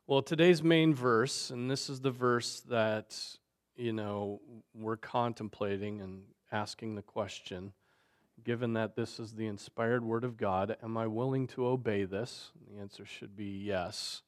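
A man leading a Bible discussion, thinking aloud at a measured pace with frequent fillers. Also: on the low side, no room sound, studio quality. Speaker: Bible teacher. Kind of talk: teaching discussion on Scripture.

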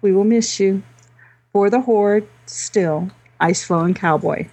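A woman's voice: medium pitch, measured pace, warm tone, slight background noise, poor audio. Friendly, teasing woman co-host. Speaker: podcast co-host. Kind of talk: casual chat.

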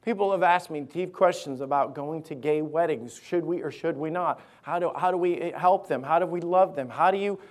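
Male lead pastor, fairly high voice, passionate sermon delivery with emphatic repetition, recorded in church. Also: moderate pace, few pauses, darkish tone. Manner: impassioned, repeats key phrases for emphasis. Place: church sanctuary.

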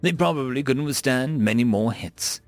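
Gravelly male audiobook narrator. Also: mid-range voice, moderate pace, no echo, soft background music. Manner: steady storytelling, voicing each character.

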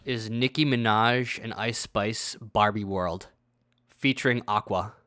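A man's voice: lowish voice, unhurried, bright, forceful tone. A man co-hosting a podcast, chatting in an easygoing way with short replies. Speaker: podcast co-host. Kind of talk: casual chat.

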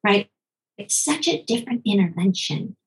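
A middle-aged woman, a physician and parenting author, answering interview questions in rapid bursts that slow for emphasis, often acting out quoted voices with big pitch jumps. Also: animated, rough recording.

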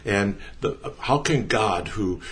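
A man's voice: on the low side, animated, takes it slowly, a bit bright. A man teaching the Bible in a conversational way, earnest and emphatic, repeating words for stress.

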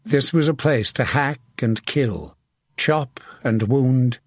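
A man reading a historical battle story as a steady, vivid audiobook narrator. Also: mid-range voice, slow, dry recording, clean studio sound.

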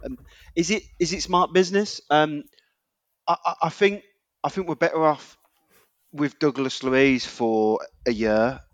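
A man giving his view on a football podcast, halting and restarting as he works out his point. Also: fairly high pitch, dry recording. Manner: halting, repeats "I think" while working out his point. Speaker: podcast guest. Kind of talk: casual chat.

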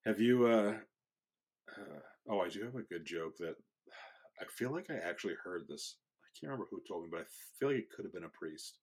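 A man's voice: deep voice, expressive, brisk, breathy edge. A man co-hosting a podcast, chatting casually, laughing often and telling jokes. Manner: laughs often, quiet asides. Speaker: podcast co-host. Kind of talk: casual chat, joke telling.

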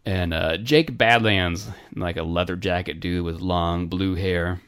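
Podcast co-host, male, very low voice, dry close sound, easygoing rambler. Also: a little slow, clear, resonant tone, dry recording. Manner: relaxed, rambling, many fillers and restarts. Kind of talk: casual retro gaming chat.

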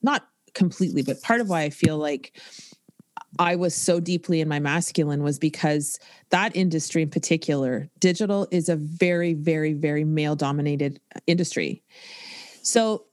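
A woman's voice: low voice, moderate pace, a little mellow, no room sound. A woman hosting a casual podcast interview, frank and chatty, who swears casually. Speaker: podcast host.

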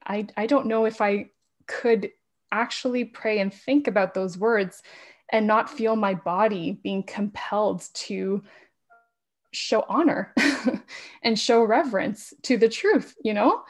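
A woman who is a podcast guest in a casual interview, talking fast and laughing often. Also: medium pitch. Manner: talks fast with frequent laughs.

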